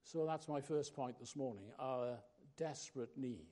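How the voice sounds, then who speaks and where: A man preaching a sermon, slow and emphatic, pausing between phrases. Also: mid-range voice, dark tone.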